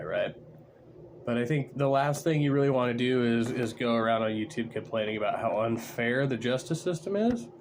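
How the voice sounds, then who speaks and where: Man, stream host, sarcastic running commentary, rambling fillers, noisy background. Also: medium pitch. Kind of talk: casual commentary over a livestream.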